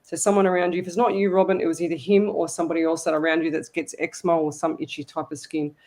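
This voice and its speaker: Low-pitched woman reading messages. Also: flat delivery, fast, a little mellow. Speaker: psychic medium host. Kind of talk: live online radio psychic reading.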